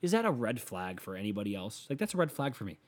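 A man hosting a show, delivering a casual comedic rant that is profane and exasperated, with loud emphatic outbursts. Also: fairly low pitch, big pitch swings, fast.

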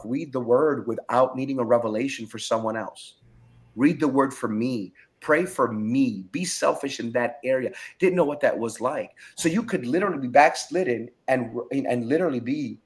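A middle-aged pastor shares his personal testimony in a candid interview, his voice at a medium pitch. He speaks with animation and emphasis, often repeating phrases to give them weight.

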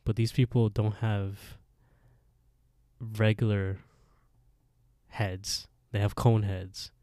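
A man's voice: lowish voice, little pitch movement, slow, warm tone, no echo, clean studio sound. A man co-hosting a podcast, animatedly retelling a story in casual chat and laughing often. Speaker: podcast co-host.

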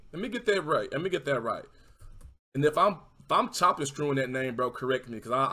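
Male stream host, mid pitch, easygoing motivational chat, warm shout-outs to viewers. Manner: encouraging, keeps asking "you know what I mean"; warmly shouts out viewers by name. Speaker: livestream talk show host.

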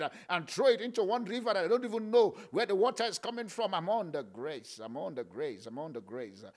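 A man preaching a sermon, swinging between loud calls and soft, low murmurs, with frequent "uh" fillers. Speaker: pastor.

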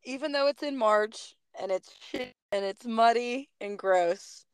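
A woman hosting a casual podcast chat, joking with quick asides. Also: fairly high pitch, clear, resonant tone, no echo.

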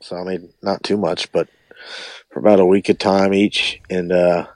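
A man, a musician guest on a podcast, chatting casually in a relaxed, rambling way with lots of hedging. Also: deep voice, moderate pace, dry recording. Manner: relaxed, rambling, hedges a lot. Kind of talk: casual chat.

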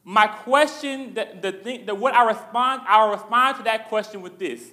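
Young male preacher, earnest and direct, high, bright voice. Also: moderate pace. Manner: earnest, repetitive, with restarts and direct address. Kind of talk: sermon.

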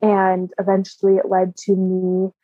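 A woman's voice: mid-range voice, completely flat delivery, unhurried, husky, no room sound, muffled recording. A woman guest candidly telling a personal story, open and emotional, often laughing. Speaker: interview guest.

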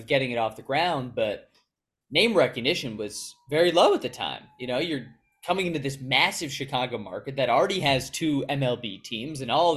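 A young man, a guest in an interview, answering earnestly and reflectively about his path in sports media. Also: mid-range voice. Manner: earnest, reflective, quick storytelling. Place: Chicago.

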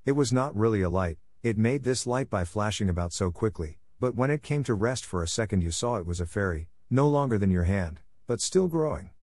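A man narrating a classic children's story as an audiobook, in a measured storyteller's delivery. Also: on the low side, expressive, a little mellow, no room sound, studio quality.

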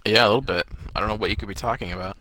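A man's voice: fairly low pitch, very fast, sharp tone, slight background noise. A man co-hosting a casual movie review chat, chiming in with short quips and agreement. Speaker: podcast co-host.

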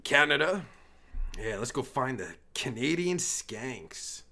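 A man's voice: medium pitch, very animated, slow pace, bright, forceful tone, a little hiss or hum. A male livestream host giving crude, profane, rambling commentary while chatting with strangers online.

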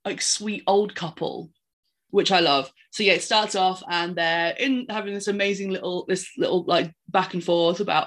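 A woman, chatting casually as a podcast co-host and retelling a film in an animated, rambling way. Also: on the low side, moderate pace. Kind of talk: casual chat recapping a film.

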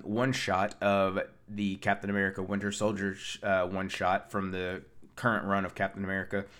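Man, somewhat low pitch, casual film recap, rambling, lots of fillers. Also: fairly bright tone. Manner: rambling, many fillers and restarts. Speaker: pop culture reviewer.

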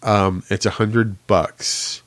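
A man's voice: on the low side, level tone, takes it slowly, fairly bright tone, no room sound. A man co-hosting a podcast in casual chat, laughing often and leaning on "like" as a filler. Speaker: podcast co-host.

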